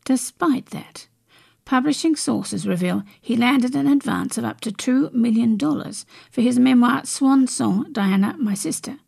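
A woman reading celebrity and royal stories from magazines aloud, in a steady read-aloud manner with brief restarts. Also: on the high side, gravelly, breathy edge. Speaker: news reader.

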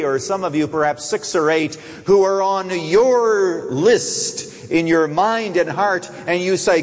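A man preaching a sermon, rising to emphatic high phrases and then dropping to soft, quiet asides. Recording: long reverb of a large hall.

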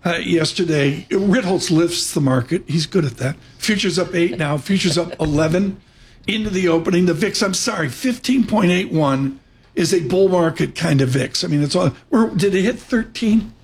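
A man with a high, husky voice hosts a market show, chatting fast and hopping from one topic to the next. He sounds loose and conversational. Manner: quick, chatty, jumping between topics. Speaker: host. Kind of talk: live financial talk radio hosting.

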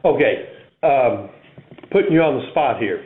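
A man's voice: mid-range voice, animated, unhurried, slight background noise. A man hosting a casual interview, asking easygoing questions with hesitant fillers. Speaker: host. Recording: echoey room over a tinny phone-like line.

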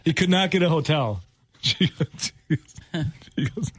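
A man, hosting a sports talk show and telling stories with lively acted-out quotes and frequent laughter. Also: a little high, moderate pace, dry recording. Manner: animated storyteller, acts out quotes, laughs often. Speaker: radio host. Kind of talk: casual sports talk banter.

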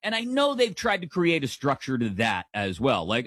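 A man's voice: mid-range voice, huge pitch swings, normal speed, hardly any pauses, a bit bright, dry recording, studio quality. A man in his forties hosting a sports podcast, giving playful, emphatic opinions in casual commentary.

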